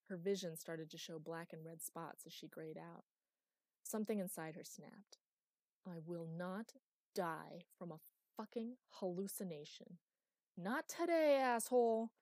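A woman narrating an audiobook in a steady, wry storytelling manner. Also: on the low side, no room sound. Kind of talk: scripted narration.

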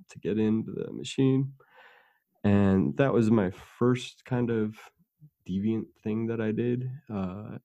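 This is a man with a deep, gravelly voice and a mellow, dark tone. He tells his stories in a casual, rambling way, full of fillers and asides. The recording sounds slightly dull and lo-fi. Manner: rambling storytelling with laughs and fillers. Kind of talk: casual conversation.

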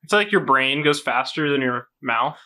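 Young female guest, bright tone, hesitant casual talk. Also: very deep voice, expressive, normal speed. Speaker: podcast guest. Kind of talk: casual chat.

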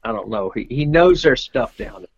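A man's voice: mid-range voice, lively intonation, moderate pace, vocal fry, slightly rough, no room sound, muffled recording. A man, a guest telling a rambling, folksy story with loose grammar in casual chat. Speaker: interview guest, pool player.

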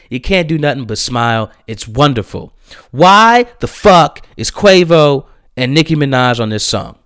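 A young man giving casual, blunt music reviews, swearing and breaking into animated, emphatic outbursts. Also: medium pitch, smooth, no echo, clean studio sound.

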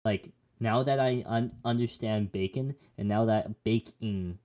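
A man's voice: medium pitch, fairly even intonation, measured pace, a little mellow. A young man co-hosting a podcast, chatting casually about Bible passages in a rambling, joking way with many restarts. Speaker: podcast co-host.

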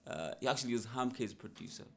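A man's voice: medium pitch, animated, fast, gravelly, a little mellow. A young man, a musician, telling his story in a casual podcast interview in a laid-back, reflective way. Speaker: musician guest.

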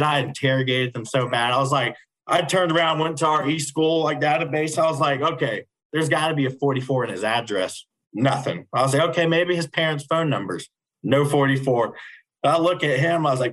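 A man's voice: medium pitch, a bit bright, low-quality recording. A young man from the United States, a teacher and podcast guest, telling a personal story in an earnest, casual way, often repeating words as he goes. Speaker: guest, special education teacher.

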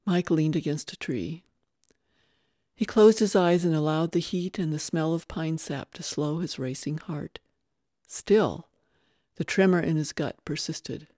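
A narrator reading a western novel aloud in a steady, hushed storytelling manner. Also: medium pitch, dry recording, clean studio sound.

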